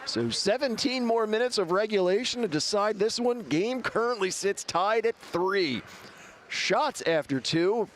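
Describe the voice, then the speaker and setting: A man giving brisk, clipped play-by-play commentary on a live hockey game. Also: sits high, a bit bright, a little hiss or hum.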